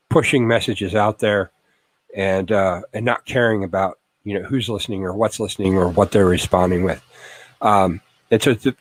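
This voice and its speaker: A man's voice: on the low side, dry recording, low-quality recording. A man teaching networking basics in a loose, rambling way, full of fillers and acted-out everyday analogies. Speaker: instructor. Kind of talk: casual tech lecture.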